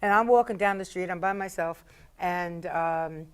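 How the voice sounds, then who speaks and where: A woman hosting a talk show in a public-access TV studio, with a slightly low pitch for a woman. She chats in a relaxed way and drifts into long, rambling personal stories, keeping an easygoing studio-chat tone. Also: moderate pace, clear, resonant tone. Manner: chatty, telling rambling anecdotes.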